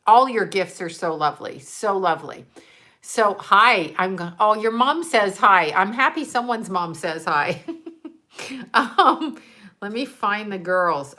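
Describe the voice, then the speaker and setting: A woman with a bright, clear-edged voice talks casually to her viewers on a live stream. She is chatty, effusive and a little scattered, and she speaks from indoors at home into a camera mic. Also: on the low side. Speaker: livestream host.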